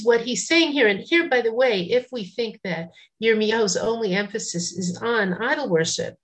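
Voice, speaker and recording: Woman teaching a Bible text lesson. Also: mid-range voice. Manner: reads Hebrew verses then translates, conversational asides.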